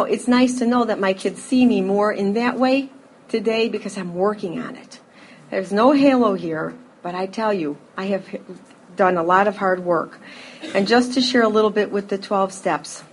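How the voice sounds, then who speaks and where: A middle-aged woman giving a personal recovery testimony to a live audience, telling her story in a lively way, acting out scenes, with frequent fillers. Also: medium pitch, moderate pace, a little hiss or hum. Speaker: speaker sharing a recovery story.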